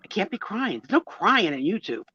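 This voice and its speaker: A woman in her sixties chatting casually on a live stream, an animated storyteller who acts out the voices in her stories. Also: mid-range voice, normal speed, husky, dry recording, highs cut off. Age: 60s. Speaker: co-host of a live sale and chat stream. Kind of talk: casual chat.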